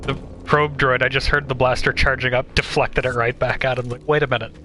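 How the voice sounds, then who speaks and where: A man's voice: medium pitch, flat delivery, fairly quick, bright, forceful tone, slight background noise. A man talking casually over voice chat with short, laid-back replies about gameplay. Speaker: co-host on voice chat.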